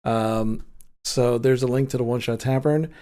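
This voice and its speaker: Mellow laid-back male player. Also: medium pitch, fairly even intonation, a little slow. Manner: laid-back, laughs easily. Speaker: player and stream co-host. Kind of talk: casual game table chat.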